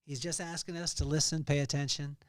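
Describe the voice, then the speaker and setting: A man's voice: on the high side, little pitch movement, a little fast, no echo, studio quality. Earnest man telling a faith story. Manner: earnest storytelling, rising to loud emphasis. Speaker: podcast host. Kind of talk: faith-based motivational talk.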